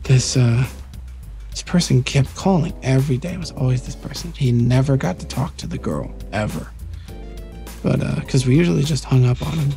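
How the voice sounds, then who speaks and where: Guy rambling through a story on a late night podcast, kinda gravelly, faint music behind. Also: medium pitch, normal speed. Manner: rambling, animated storyteller with restarts. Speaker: podcast co-host. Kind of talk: casual storytelling chat.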